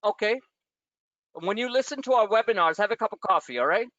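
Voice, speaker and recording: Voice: mid-range voice, fairly quick, dry recording. A loose, rambling host leads a live trading webinar, peppering the talk with fillers and putting questions straight to the listeners. The audio is dry and dull, like a lo-fi online call. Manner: rambling and animated, heavy with "like" and "you know"; addresses listeners directly with questions. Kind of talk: casual live webinar teaching.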